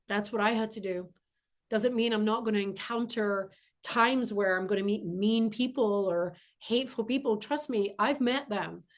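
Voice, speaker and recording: A woman spiritual teacher giving an earnest, emphatic inspirational monologue, often repeating key phrases for weight. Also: fairly high pitch.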